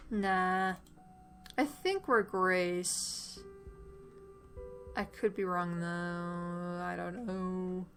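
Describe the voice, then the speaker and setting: A woman's voice: on the low side, extremely slow, pauses often, a bit bright, soft background music. A woman streamer reading visual novel dialogue aloud, swearing casually and cutting in with her own asides. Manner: swears casually, jumps between voices and asides.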